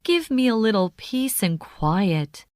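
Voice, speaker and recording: A woman reading practice phrases steadily and deliberately for language learners. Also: mid-range voice, sing-song, darkish tone, no room sound, clean studio sound. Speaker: phrase reader.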